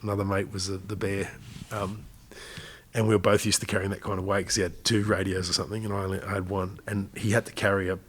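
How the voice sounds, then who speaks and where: A man's voice: sits low, flat delivery, fast talker, fairly bright tone. An Australian man in his forties, a guest on an interview podcast, telling stories in a chatty way and laughing often. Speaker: guest, army veteran. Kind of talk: casual storytelling interview.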